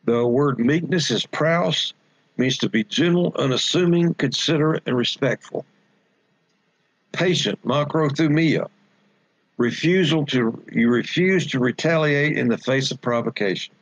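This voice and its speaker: A pastor delivers a Bible study, pausing to unpack Greek words and repeating his points for emphasis. His voice is gravelly and a little husky. The recording is dull and dry, without room echo. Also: mid-range voice.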